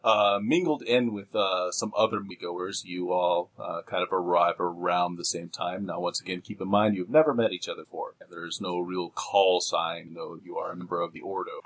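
A man narrating as game master in a tabletop role-playing game, relaxed and full of filler pauses. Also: low-pitched, breathy edge.

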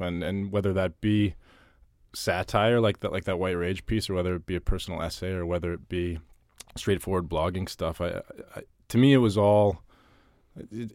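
A man's voice: deep voice, dry recording, studio quality. A man being interviewed about his writing, talking casually and thoughtfully, often restarting and repeating words. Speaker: interviewee, writer.

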